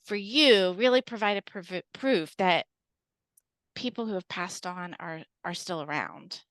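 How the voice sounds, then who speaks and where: Woman co-host, medium; earnest, halting delivery with a smooth voice, recorded dry. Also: fairly low pitch, a bit bright, dry recording. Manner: earnest, restarts her phrases. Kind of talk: casual podcast chat.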